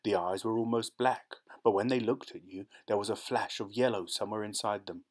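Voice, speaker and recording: Male audiobook narrator, low voice, measured storytelling delivery. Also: a little mellow.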